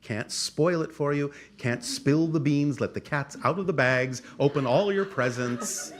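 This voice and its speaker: A man speaking as a channeler, answering audience questions in a formal, measured cadence with repeated phrases. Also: on the high side, slight background noise. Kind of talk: channeled spiritual talk.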